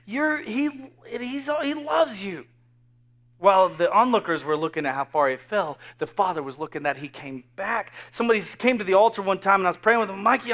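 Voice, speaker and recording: A man with a fairly high voice preaches an animated, earnest sermon. He restarts his phrases often and repeats words as his thoughts run ahead. When he quotes a whisper, his voice sinks to a soft hush. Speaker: pastor.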